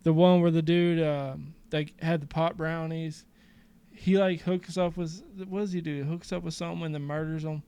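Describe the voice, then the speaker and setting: A man's voice: fairly high pitch, steady tone, moderate pace, warm tone, clear, resonant tone. A young man co-hosting a podcast, casually recapping a comedy film in a loose, profane way. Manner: loose, profane retelling with quoted lines. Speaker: podcast co-host. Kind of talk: casual movie-recap chat.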